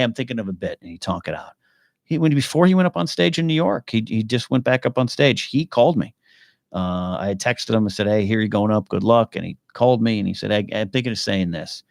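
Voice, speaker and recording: A man's voice: mid-range voice, dry recording. Rambling male podcast host, dry sound. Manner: rambling, thinking aloud with restarts; answers chat questions as he goes. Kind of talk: casual live-stream chat.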